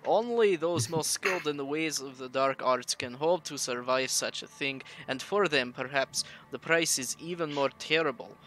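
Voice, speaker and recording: A man's voice: on the high side, normal speed, few pauses, a bit bright, natural voice, poor audio. Man putting on a Russian-accented scholar reading. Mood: solemn. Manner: solemn dramatic reading. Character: Russian scholar reading an occult manuscript aloud.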